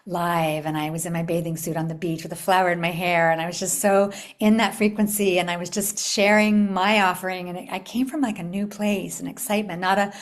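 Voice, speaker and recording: A middle-aged woman from the United States hosting a live spiritual retreat talk, telling a story with upbeat invitations and soft, hushed stretches. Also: lowish voice, fairly even intonation, fairly quick, hardly any pauses. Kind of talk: live online talk to a group.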